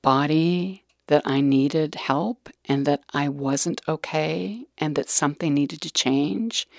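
Middle-aged woman guest, candid storyteller, fry-heavy voice, dry recording. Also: deep voice, a little mellow, dry recording. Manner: earnest, dropping to whispered asides. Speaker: nurse educator guest.

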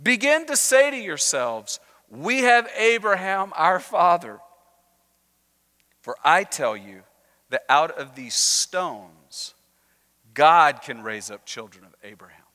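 A man's voice: medium pitch, expressive, slow, pushed and bright, in a large hall, voice pushed down. A man voicing a fiery male prophet who scolds and mocks the crowds coming to him. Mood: stern.

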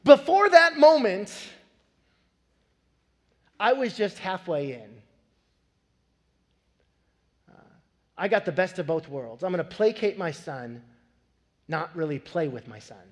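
A man in his thirties preaching a sermon, telling a family story with animated, building emphasis. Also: high-pitched, takes it slowly, pauses often. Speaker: pastor. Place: church sanctuary. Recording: long hall reverb.

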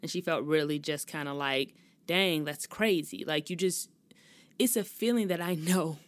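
A woman's voice: deep voice, normal speed, dry recording. A young adult woman hosting her own podcast, talking casually and expressively, ranting and cursing freely. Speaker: podcast host. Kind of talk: casual solo talk.

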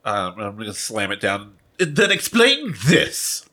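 A male player at a tabletop game, dry and matter-of-fact. His voice is bright and lively in pitch. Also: measured pace. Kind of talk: tabletop game role-play.

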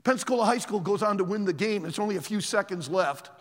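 A man preaching to college students, telling a story in a loud, animated way. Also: high voice, fast talker, hardly any pauses, long reverb tail. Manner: animated storyteller, shouts quoted lines. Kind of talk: sermon with a story.

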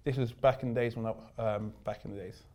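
A man's voice: medium pitch, fairly even intonation, brisk, a little mellow, a little hiss or hum. A man, a footballer guest who talks in a laid-back way, repeating himself and saying "like" often. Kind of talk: casual interview chat.

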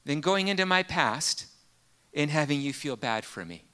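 A man preaching a sermon, telling a personal story earnestly with many pauses and fillers. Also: fairly high pitch, lively intonation, pushed and bright.

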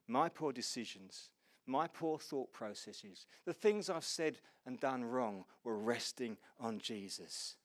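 A man preaching a sermon with passion, swinging from loud exclamations to hushed, slow passages and speaking earnestly to his congregation. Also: mid-range voice.

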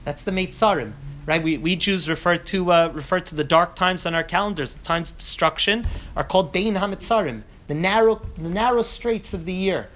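A man teaching a class on scripture, talking in an animated way with many restarts and asides. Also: sits high, brisk, a little hiss or hum.

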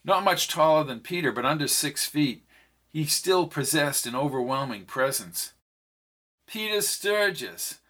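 A man's voice: a little high, moderate pace, fairly bright tone. A man narrating a novel aloud, reading every character's lines in his own voice. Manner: reads all the characters' dialogue in his own voice. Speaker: audiobook narrator. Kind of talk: scripted narration.

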